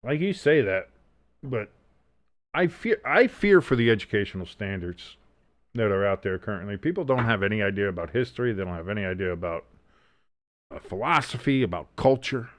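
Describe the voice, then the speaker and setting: Live game commentary comes from a man whose low, expressive voice moves fairly quickly, with no room sound. Hosting a football watch-along, he calls plays, reads the chat and talks casually with viewers, swearing without restraint.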